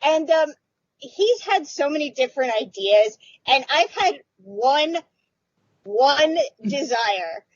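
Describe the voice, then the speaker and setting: An American woman co-hosting a casual talk show, blunt and quick to swear. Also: high-pitched, animated, dull audio. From United States. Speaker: co-host. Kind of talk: casual chat.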